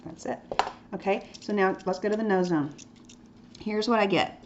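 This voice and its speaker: A woman art teacher talks her class through a drawing demonstration in a chatty, playful way, now and then dropping to a whisper for an aside. Her voice sits at an ordinary middle pitch. The recording is dull and lo-fi, with a faint hiss of noise underneath. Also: normal speed, pauses often.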